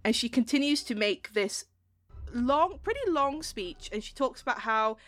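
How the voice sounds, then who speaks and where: Chatty woman game master, bright voice. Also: on the high side, lively intonation, normal speed, no room sound. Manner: chatty, lots of fillers, laughs often. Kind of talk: narrating a tabletop game.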